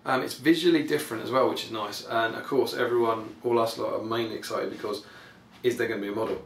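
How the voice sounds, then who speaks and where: A podcast host with a voice on the low side, steady in tone, talks fast through casual, rambling, enthusiastic commentary packed with ums. The room is echoey, with faint background noise.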